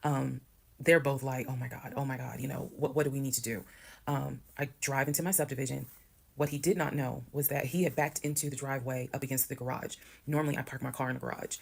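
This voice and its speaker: Woman telling a long personal story, quick, a bit gravelly, calm. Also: a bass voice. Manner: calm, detailed, quoting others. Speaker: storyteller in a video.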